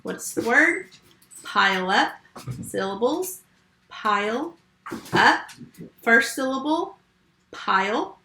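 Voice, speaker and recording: A woman teaching a first grade phonics lesson remotely, sounding out words slowly and giving patient step-by-step instructions. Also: a little high, sharp tone, echoey room, slight background noise.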